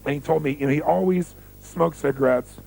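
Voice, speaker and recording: Gravelly motivational seminar speaker, man. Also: a little high, a little fast, low-quality recording. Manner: animated storytelling with rhetorical questions.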